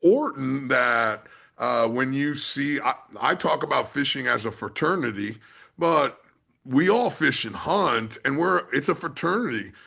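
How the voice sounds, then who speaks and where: A man's voice: medium pitch, animated, measured pace, vocal fry, bright, forceful tone. A man in his fifties who hosts a podcast, chatting casually and telling anecdotes. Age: 50s. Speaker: podcast host.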